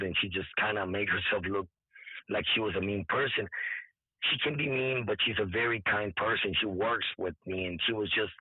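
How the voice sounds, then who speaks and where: Husky hoarse guy, event organizer, keeps repeating himself, sounds like a phone call. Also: fairly low pitch, dry recording. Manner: halting, repeats words, quotes others. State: hoarse, voice nearly lost. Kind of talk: casual interview storytelling. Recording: dry tinny phone-like line.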